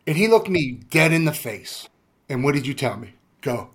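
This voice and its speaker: A man's voice: fairly high pitch, very animated, brisk, fairly bright tone, husky. A man who is a guest on a podcast, telling stories about himself in a casual, self-mocking way and swearing now and then. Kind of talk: casual chat, storytelling.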